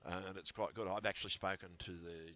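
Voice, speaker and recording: Man, deep voice, rambling vlog talk, conspiratorial, dull headset sound. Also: fairly even intonation, fast talker, bright, forceful tone. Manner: rambling, conspiratorial, full of fillers and restarts. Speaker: channel host. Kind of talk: rambling vlog monologue answering comments.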